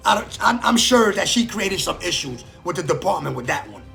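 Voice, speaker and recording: A man with a fairly high, gravelly voice tells his story in a casual spoken monologue. He is animated, acts out the other people's lines and swears without holding back. Faint music plays behind him. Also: brisk. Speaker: storyteller recounting prison life.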